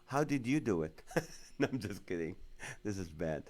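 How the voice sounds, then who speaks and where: Joking middle-aged comedian rambling from home. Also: male voice, sits low, big pitch swings, moderate pace, darkish tone. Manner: joking, laughs often, rambling asides. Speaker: comedian hosting a live stream. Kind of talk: casual storytelling chat.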